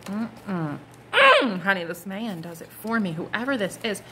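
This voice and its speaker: A woman's voice: mid-range voice, very animated, a little slow, background noise. A woman giving a casual, gushing tarot reading, full of slang and asides. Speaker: tarot card reader.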